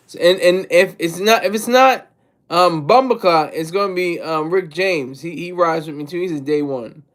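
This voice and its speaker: Male streamer, high-pitched, casual rambling delivery with frequent restarts and repeats. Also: normal speed. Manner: rambling, self-interrupting, often repeats words; chuckles to himself between thoughts. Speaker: livestream host. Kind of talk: casual livestream commentary, reading chat.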